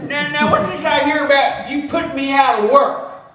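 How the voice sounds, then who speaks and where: A man's voice: extremely high pitch, moderate pace, fairly bright tone, a little hiss or hum, pitched above the performer's own voice. A man voicing a folksy, aggrieved male coal miner near sixty, with a put-on Southern drawl and a raised voice. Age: 50s. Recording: echoey room, distant mic.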